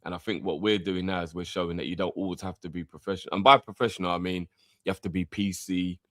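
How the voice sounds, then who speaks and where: A man with a fairly low voice, chatting loosely in street slang as co-host of a football channel. The sound is close and dry, with no room around it. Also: fast talker, no echo. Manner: laid-back slang, animated when mocking critics. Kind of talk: casual chat.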